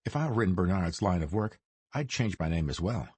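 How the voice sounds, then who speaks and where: A man voicing a suave, dryly ironic mob boss's son in his forties, speaking smooth and deliberate in an audiobook. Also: low voice, animated, a little mellow, dry recording. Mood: measured. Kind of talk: audiobook character reading.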